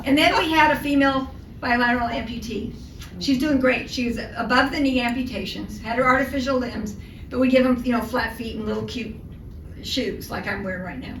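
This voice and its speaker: An older woman giving a luncheon talk as a guest speaker, telling animated anecdotes with comic timing. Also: a little high, a little fast. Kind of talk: storytelling speech. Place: luncheon hall. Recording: echoey hall from far off, noisy.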